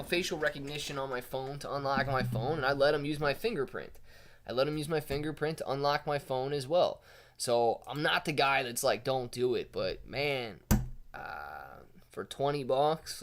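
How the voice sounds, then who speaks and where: A man's voice: a little high, a bit bright. A man hosting a casual live stream, reading out viewer chat and talking loosely with his audience. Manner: loose and chatty, calls viewers dude and man.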